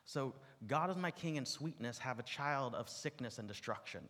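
A man's voice: medium pitch, lively intonation, moderate pace, a bit bright. A man preaching a sermon to an audience, teaching in a conversational way with asides and touches of humor. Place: large room with an audience. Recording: long reverb from a large hall.

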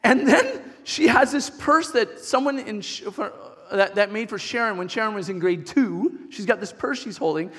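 A middle-aged man preaching a sermon as a pastor, telling stories in an animated, chatty way with many restarts. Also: high-pitched, moderate pace, few pauses, slightly rough. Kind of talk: storytelling sermon. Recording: long hall reverb.

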